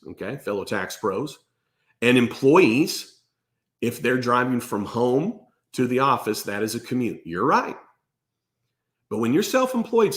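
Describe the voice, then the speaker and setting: A man giving tax advice straight to the camera, emphatic and blunt, often checking in with "okay?". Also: mid-range voice. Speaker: host and accountant.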